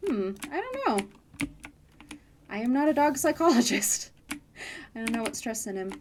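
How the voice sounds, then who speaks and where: A woman's voice: a little high, expressive, unhurried, slight background noise. Chatty young woman streaming a game. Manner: chatty, laughs often, swears casually. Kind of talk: casual gaming stream chat.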